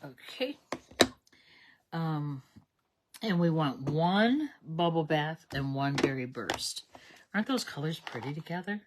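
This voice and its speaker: A crafting livestream host with a low-pitched voice makes cards at her table, chatting and talking herself through each step. She's animated but a little slow, and the audio is very noisy.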